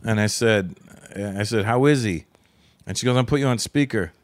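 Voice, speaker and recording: A man's voice: fairly low pitch, dry recording. Teasing man in his fifties, dry mic. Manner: teasing, profane, quick to laugh. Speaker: comedian podcast co-host. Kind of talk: casual banter and storytelling.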